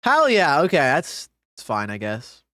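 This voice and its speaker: A man's voice: fairly high pitch, huge pitch swings, unhurried, fairly bright tone, no echo, studio quality. A young man streaming, chatting casually with sarcasm, frustration and swearing.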